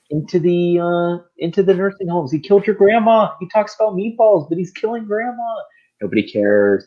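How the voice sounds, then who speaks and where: A man's voice: high-pitched, dull audio. A man co-hosting a podcast, ranting about politics in a heated, sarcastic, repetitive way. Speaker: podcast co-host. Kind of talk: political rant.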